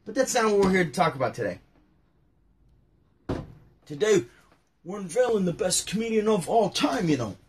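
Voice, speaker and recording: A man's voice: sits high, very animated, normal speed, pauses often, slight background noise. A man hosting his own show, chatting casually and ramblingly about his favorite comedians, with frequent restarts and asides. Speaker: show host. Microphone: home setup near a window.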